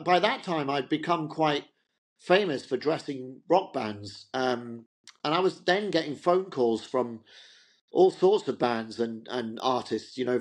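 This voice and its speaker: A middle-aged man, a fashion entrepreneur as an interview guest, telling loose, rambling stories in a chatty way. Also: fairly high pitch. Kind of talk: casual anecdotal interview talk.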